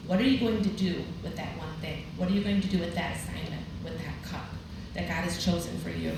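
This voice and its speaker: Middle-aged woman, lowish voice, chatty retreat speaker, distant room mic, very echoey and noisy. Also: fairly even intonation, fairly quick, creaky. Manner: chatty storytelling with laughs. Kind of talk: devotional talk at a women's retreat. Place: large room at a ladies' retreat.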